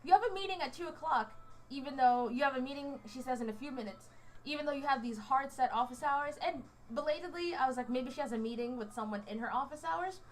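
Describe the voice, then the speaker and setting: Speaking fast in a high voice, a young American woman in her twenties chats casually for her student vlog. She's a bit fidgety, rambles with plenty of fillers and restarts, and sits indoors beneath a hot light.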